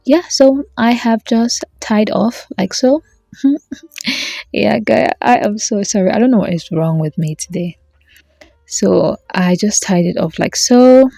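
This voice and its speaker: A woman's voice: mid-range voice, unhurried, vocal fry, dark tone, no room sound, studio quality, soft background music. A woman hosting a beading tutorial, chatty and playful, talking straight to her viewers as she works. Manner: playful, talks straight to viewers, jokes and self-corrects.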